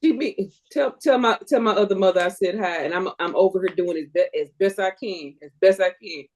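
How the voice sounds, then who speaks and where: A woman hosting a casual talk, speaking in a halting way with restarts. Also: mid-range voice, a little mellow, slight background noise. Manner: laughing along, halting with restarts. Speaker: host. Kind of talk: casual chat, then reading closing thoughts.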